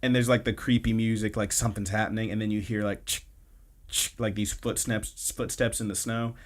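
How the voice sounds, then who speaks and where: A man's voice: lowish voice, level tone, fairly quick. A man co-hosting a podcast, casually recapping anime episodes in a rambling storytelling way with lots of fillers. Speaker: podcast co-host.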